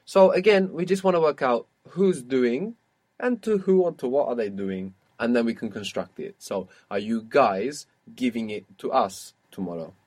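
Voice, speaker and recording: A man's voice: medium pitch, normal speed, a little mellow. A man teaching a language lesson, patiently prompting a learner and confirming her answers.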